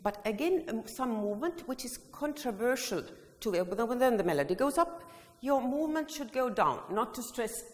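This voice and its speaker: A choir education presenter runs a singing workshop in a large hall, guiding the audience through vocal exercises and often singing phrases as examples. Her voice is a little high and sing-song, moving at a moderate pace with hardly any pauses, and the hall's reverb lingers long.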